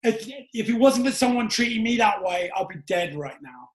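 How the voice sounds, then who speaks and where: Man, earnest and emphatic, high voice, echoey room. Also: lively intonation, moderate pace. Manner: earnest, emphatic, often asks "do you get what I'm saying". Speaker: podcast host. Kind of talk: casual interview talk.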